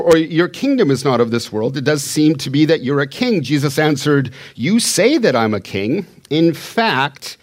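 Animated man teaching a sermon. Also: fairly high pitch. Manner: conversational Bible teaching, paraphrasing and restarting. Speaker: preacher.

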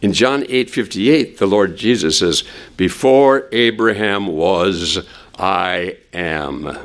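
Guy preaching a bible sermon, voice swings up and down a lot, goes low and quiet on quotes. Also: slow. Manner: animated, drops low and soft for quoted words; rhetorical questions to the congregation. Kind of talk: expository sermon.

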